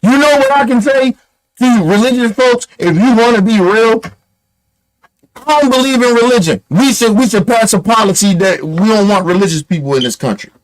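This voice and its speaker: A man's voice: sits high, expressive, normal speed, rough recording. A man giving a heated, profane commentary rant, blunt and emphatic, firing off rhetorical questions. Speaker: online commentator.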